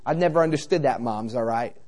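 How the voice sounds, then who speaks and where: Speaking fast at a medium pitch, a thirtysomething itinerant evangelist preaches, weaving in animated stories from his own life and casual rhetorical asides.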